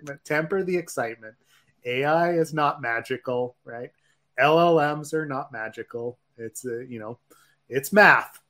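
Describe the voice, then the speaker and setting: A man co-hosting a tech podcast, explaining in a measured way and often checking in with "right?". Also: mid-range voice, pushed and bright. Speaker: podcast co-host. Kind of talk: casual tech podcast chat.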